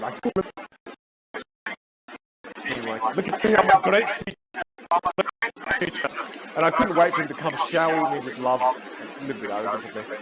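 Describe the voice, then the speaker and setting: A man teaching a live online communication masterclass, energetic and full of storytelling. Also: fairly high pitch, very noisy. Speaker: communication coach.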